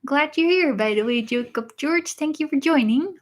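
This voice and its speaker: Chatty woman, higher voice. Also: lively intonation. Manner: chatty and unhurried, often pausing with uh and um. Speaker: livestream host reading viewer messages. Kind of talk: casual livestream chat.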